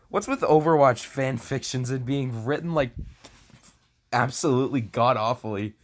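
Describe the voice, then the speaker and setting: Reading fan fiction aloud for laughs, this young man speaks at a moderate pace in a medium pitch. Sarcastic asides interrupt the text, and he frequently laughs and stumbles.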